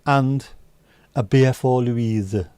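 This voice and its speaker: Male stream host, mid-pitched, cheeky banter, dry close-mic sound. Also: extremely slow, mellow, clear, resonant tone, no echo. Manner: cheeky, banter-heavy, swears freely. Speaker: livestream host serving virtual drinks. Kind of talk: casual chat.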